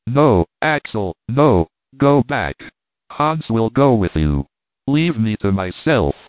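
A man's voice: fairly low pitch, big pitch swings, slow pace, no room sound. A man voicing a stern, obstinate older professor in an audiobook, speaking in a firm, commanding way. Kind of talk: audiobook reading. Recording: dry, phone-like narrow sound.

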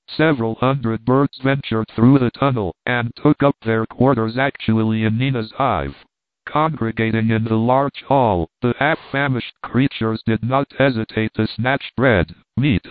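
A man narrating an audiobook chapter in a steady, measured way, with a tinny, phone-like sound. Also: mid-range voice, no room sound. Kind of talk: audiobook reading.

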